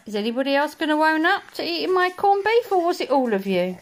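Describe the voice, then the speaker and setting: A woman's voice: sits high, sing-song, fast talker. A woman talking to her pet dogs, mock-scolding them in a sing-song baby-talk voice. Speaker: dog owner.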